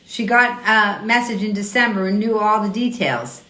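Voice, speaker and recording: A woman's voice: medium pitch, moderate pace, pushed and bright. Indignant woman live-streaming, echoey room. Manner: indignant, argumentative, repeats herself. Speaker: host of a weekly live show. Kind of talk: Instagram live stream, reading and answering comments.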